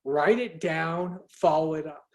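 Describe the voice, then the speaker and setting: A man with a fairly high voice hosts a motivational group call over a video link. He talks earnestly, pressing his listeners with direct questions and urging them to act. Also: measured pace. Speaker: host.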